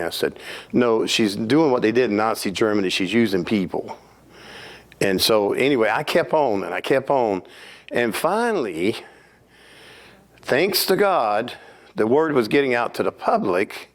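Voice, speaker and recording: Plainspoken low-voiced Southern pastor. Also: male voice, animated, normal speed. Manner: plainspoken, earnest storyteller. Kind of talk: Bible study storytelling. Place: church hall.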